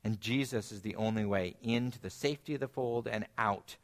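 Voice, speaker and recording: Earnest man preaching a sermon. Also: brisk. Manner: earnest, rising to emphatic peaks and dropping low.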